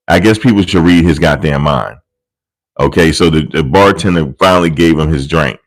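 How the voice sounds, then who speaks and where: A man's voice: extremely low pitch, normal speed, poor audio. A man hosting casual celebrity commentary, telling rambling, profane and amused stories into a desk microphone. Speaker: commentary channel host. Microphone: desk USB microphone.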